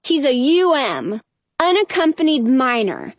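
A woman's voice: measured pace, no room sound, heavily acted. A woman reading aloud voices a bold, teasing young boy who dares his older sister. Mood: coaxing. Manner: taunting, high and lively.

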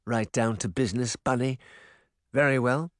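A man's voice: moderate pace, no echo, lightly acted. A man doing a proud, touchy magic mirror. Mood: defensive. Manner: booming at first, then wounded and defensive.

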